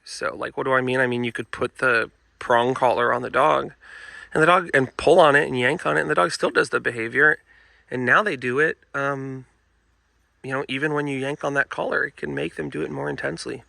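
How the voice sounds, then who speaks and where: A man's gravelly voice with a pressing, forceful edge carries a down-to-earth dog training talk. He speaks earnestly and keeps coming back to "folks" and "you know" as he explains. He sounds like a trainer talking straight to the camera. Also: medium pitch, fairly even intonation, a little fast, no room sound. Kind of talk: casual instructional talk to camera. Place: indoors with dogs nearby.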